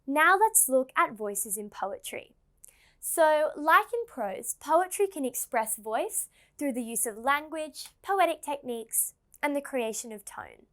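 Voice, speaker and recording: A woman with an Australian accent narrates a prepared literature lesson. Her voice sits high, and she explains each point clearly and methodically. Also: a bit bright. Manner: explains clearly, reads quoted extracts aloud. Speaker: English teacher.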